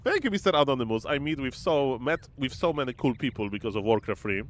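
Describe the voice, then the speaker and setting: A man's voice: mid-range voice, big pitch swings, fast talker. Playful, chatty male esports caster. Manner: playful, chatty, exclaims and reads chat aloud. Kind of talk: casual live-stream game commentary.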